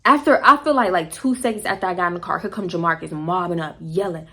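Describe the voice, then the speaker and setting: A young woman with a Houston, Texas accent telling a story to camera, blunt and animated, swearing freely and acting out what people said. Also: lowish voice, fast talker. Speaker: storytime vlogger.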